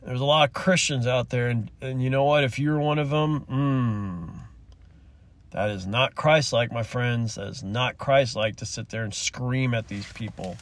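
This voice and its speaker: A man's voice: medium pitch, unhurried, dry recording. A man hosting a solo rant, talking in an impassioned, rambling way, swearing and choking up as he goes. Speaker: podcast host.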